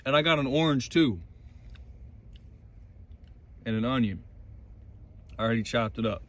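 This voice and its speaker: A man's voice: medium pitch, measured pace, fairly bright tone. A man vlogging from inside his van in the mountains, giving casual motivational faith talk in an intense, emphatic way and swearing freely.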